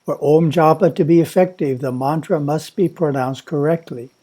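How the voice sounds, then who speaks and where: A man at a monastery reading a prepared spiritual talk in a measured, instructive way. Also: on the high side, mellow. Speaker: monastery teacher.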